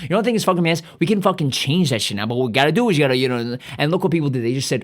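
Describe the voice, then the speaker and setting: A man's voice: a little high, very animated, rapid-fire, few pauses. A man hosting a podcast, ranting in a rambling, profane comedic monologue full of restarts. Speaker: podcast host.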